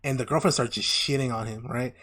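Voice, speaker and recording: A man co-hosting a casual podcast, recapping an anime with animated storytelling and acted-out lines. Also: mid-range voice, brisk. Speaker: podcast co-host.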